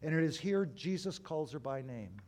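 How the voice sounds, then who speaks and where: A man preaching an Easter sermon as a pastor, moving between raised, emphatic phrases and hushed, slow ones with deliberate pauses. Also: fairly high pitch, expressive. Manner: dramatic swings between loud and hushed.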